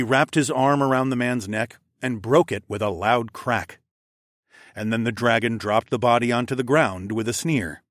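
Man, audiobook narration, measured, medium pitch, dry studio sound. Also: a bit bright, no room sound. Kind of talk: scripted first-person narration.

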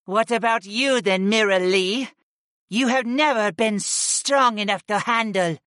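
A man's voice: high voice, measured pace, bright, forceful tone, dry recording, clean studio sound, pitched above the performer's own voice. A man putting on a pleading young goddess. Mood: taunting. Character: pleading young female goddess, eager and desperate.

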